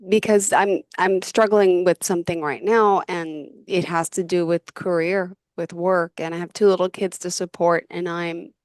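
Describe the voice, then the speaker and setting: A woman host talks in a lowish voice over a video call. She is open and emotional as she shares her feelings. The sound is dry and close. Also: steady tone, moderate pace, hardly any pauses, no room sound. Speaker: podcast host. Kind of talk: interview conversation.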